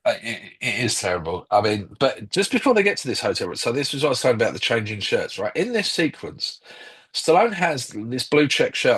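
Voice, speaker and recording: Husky-voiced man rambling through a film review. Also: mid-range voice, a bit bright. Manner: rambling, lots of ums and restarts. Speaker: podcast co-host. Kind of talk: casual film review chat.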